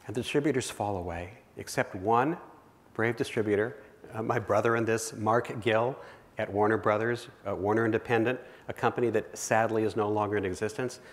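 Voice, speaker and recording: A man's voice: on the low side, fairly even intonation, fairly quick. A man giving a keynote speech, telling a vivid second-person story to a live audience in a large auditorium. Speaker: keynote speaker. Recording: long reverb of a big hall.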